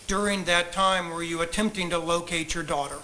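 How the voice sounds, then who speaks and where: A man examining a witness in a courtroom, asking measured, polite, leading questions. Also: fairly high pitch, fairly even intonation, bright, forceful tone, a little hiss or hum, poor audio. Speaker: trial attorney questioning a witness.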